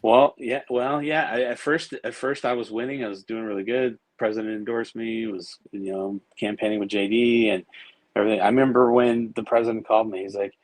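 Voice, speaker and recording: A man's voice: fairly low pitch, steady tone, a little fast, dry recording, poor audio. A man guesting on a podcast, telling long, rambling stories with plenty of fillers and some swearing. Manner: rambling, profane, many fillers and restarts. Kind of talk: casual storytelling.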